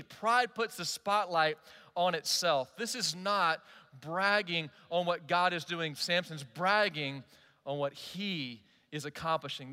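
Male pastor, 40s, high bright voice, conversational sermon with lots of direct questions, long hall reverb. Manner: animated, conversational preaching with direct questions to listeners.

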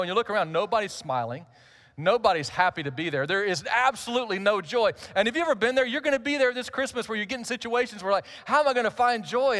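A man's voice: sits high, fairly bright tone. A middle-aged male pastor, telling a humorous personal story in a conversational sermon.

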